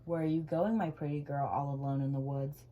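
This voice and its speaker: A woman's voice: sits low, fairly even intonation, a little fast, muffled recording, natural voice. A woman playing a sly big bad wolf. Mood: coaxing.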